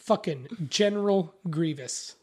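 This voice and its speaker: A woman's voice: on the low side, slow. A young woman co-hosting a casual movie-recap chat, rambling and swearing freely as she talks.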